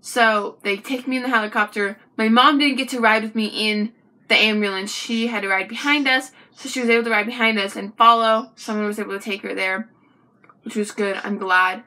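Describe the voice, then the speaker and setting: A young woman vlogger telling a personal story to the camera in a chatty, animated way, with frequent asides to the viewer. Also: fairly high pitch, a little fast.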